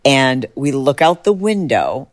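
A middle-aged woman hosting a podcast, chatting casually and telling a story with lively jumps in pitch when excited. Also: measured pace. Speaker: podcast host. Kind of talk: casual chat.

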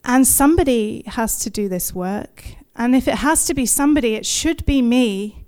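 Speaking at a normal speed in a slightly high, slightly mellow voice, a woman in her thirties tells an audience a story from her own life. She narrates in the present tense, vividly and self-deprecatingly, with laughter breaking out in bursts.

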